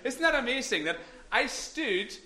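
A man with a high, light voice leads a children's talk in church. He is playful and encouraging, and at times sinks into a hush. He speaks into a microphone. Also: sing-song, normal speed. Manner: playful, encouraging, drops to whispers. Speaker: minister giving a children's talk.

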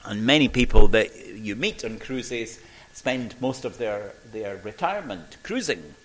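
An older man from Scotland, preaching a sermon and telling stories with emphatic pauses and voices for the people he quotes. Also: on the low side, animated, fairly bright tone, poor audio.

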